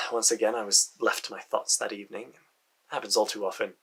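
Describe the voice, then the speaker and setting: A man telling his own ongoing story in a casual, halting way, sighing often and restarting sentences. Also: fairly low pitch, flat delivery, sharp tone, slightly rough. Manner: halting, with frequent sighs and restarts. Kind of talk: casual first-person storytelling.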